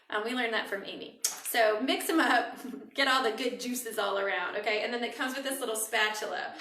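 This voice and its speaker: A woman's voice: a little high, pushed and bright, distant mic. A woman in her forties hosting a live beauty-product party, talking in a bubbly, giggly, chatty way. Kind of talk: casual live demo chat. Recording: echoey room, faint noise.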